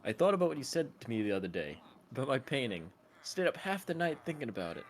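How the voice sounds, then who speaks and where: A man reading the lines of an earnest male therapist lecturing a young man, in a steady tone with stumbles. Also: mid-range voice, fast talker. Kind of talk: casual reading of a film scene.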